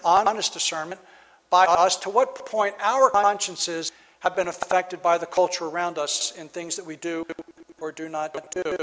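A high-voiced preacher gives a reflective sermon, pausing and restarting phrases as he thinks aloud. A long reverb makes his voice ring out as though he's in a large hall.

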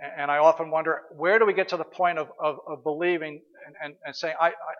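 A man's voice: on the high side, steady tone, fast, muffled recording. A man preaching a sermon as pastor, earnest and questioning, sometimes hesitating and restarting.

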